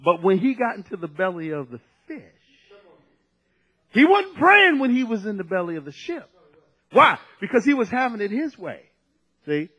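A man's voice: sits high, big pitch swings, moderate pace, long pauses, bright, forceful tone, husky, rough recording. A man preaching a sermon, conversational and at times emphatic, drawing out key phrases.

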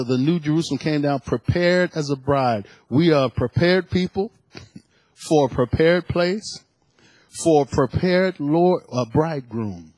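A man preaching a sermon, reading scripture and rising into shouted, emotional fervor. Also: a little high, husky, dry recording. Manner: builds from calm teaching to shouted, emotional fervor; reads scripture aloud between comments.

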